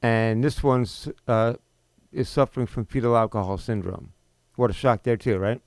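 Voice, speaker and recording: A man in his fifties holds forth in an indignant, rambling monologue, firing off rhetorical questions and restarting his sentences. His voice is smooth and resonant, recorded close and dry with no room sound. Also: medium pitch, normal speed, no room sound. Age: 50s. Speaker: podcast host. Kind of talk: unscripted monologue.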